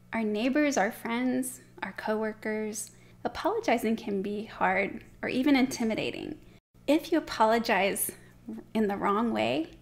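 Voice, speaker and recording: Earnest woman, gentle vlog teaching. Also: a little high. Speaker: Christian marriage blogger.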